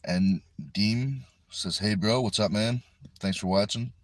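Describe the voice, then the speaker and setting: Deep-voiced man chatting on a car livestream. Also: measured pace, no room sound. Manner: easygoing, chatty, reads comments aloud and answers them. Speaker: livestream host. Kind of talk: casual live chat reading viewer comments. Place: inside a parked car. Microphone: phone resting on the steering wheel.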